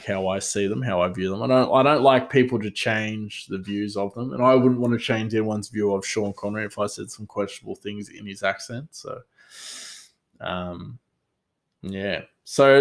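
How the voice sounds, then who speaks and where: A man hosting a solo talk show, rambling casually with many fillers and restarts. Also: lowish voice. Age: adult father. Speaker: podcast host.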